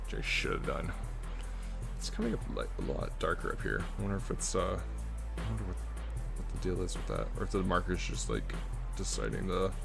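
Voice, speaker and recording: A young man with a low, creaky voice chats and rambles while drawing live at home in a hot room, speaking close into a good desk mic. His live-stream talk is casual and self-deprecating, full of filler words.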